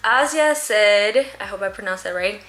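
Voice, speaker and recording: A woman's voice: medium pitch, lively intonation, normal speed, fairly bright tone. A young woman vlogging at home, answering viewer questions in a candid, chatty way with slang and laughs. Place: room at home with a fan. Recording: echoey room.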